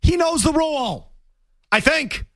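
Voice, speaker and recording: A man's voice: extremely high pitch, animated, unhurried, a bit bright, dry recording, studio quality. A middle-aged man hosting a sports talk show, arguing his case emphatically and repeating himself for effect. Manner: emphatic, repetitive, argumentative.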